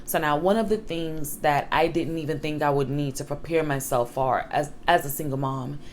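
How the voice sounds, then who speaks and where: Frank, emphatic woman with a low voice. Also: normal speed, slight background noise. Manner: emphatic, frank, casual swearing. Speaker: single mother vlogger. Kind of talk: candid personal storytelling to camera.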